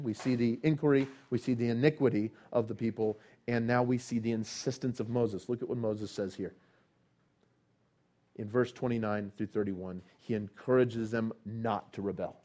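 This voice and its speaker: A man preaching a sermon, rising to loud emphatic passages and dropping to quiet, drawn-out appeals. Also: mid-range voice, fairly even intonation.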